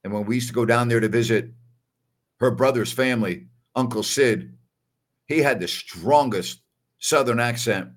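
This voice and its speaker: A man's voice: medium pitch, moderate pace. Emphatic man hosting a postgame show. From New York. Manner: emphatic, repeats "all right" a lot. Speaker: host of a basketball postgame show. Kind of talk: casual solo livestream commentary.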